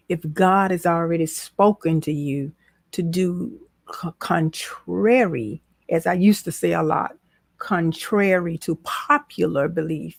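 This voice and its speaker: A woman talks straight to her viewers in a casual livestream. She preaches in a folksy way and repeats points for emphasis. Her voice sits low with a gravelly edge, and the sound is dry and close. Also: steady tone, unhurried, dry recording. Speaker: business strategist, livestream host. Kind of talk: casual motivational livestream talk.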